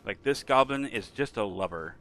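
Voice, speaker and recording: A man's voice: lowish voice, expressive, normal speed, fairly bright tone, a little hiss or hum. A middle-aged man streaming, chatting casually as he plays and joking and teasing as he goes. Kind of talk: casual chat while playing.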